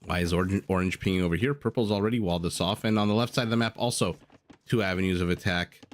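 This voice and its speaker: A man's voice: sits low, quick pace. A man commentating a strategy game live, chatty and joking with his chat between play-by-play. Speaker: game caster.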